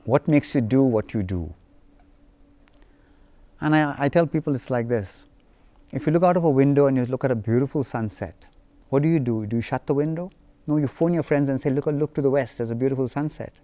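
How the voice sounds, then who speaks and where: A man from India recalls his life in a lively, playful, anecdotal way. His voice is mellow and warm, sitting at an ordinary pitch. The recording is dry and close. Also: fairly quick, dry recording. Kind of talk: personal storytelling.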